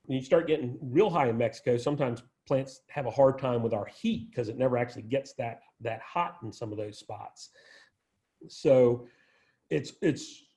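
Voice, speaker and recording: A man's voice: medium pitch, normal speed, dark tone. A man giving an informal plant lecture, conversational, with frequent restarts and asides. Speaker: arboretum director giving a plant talk.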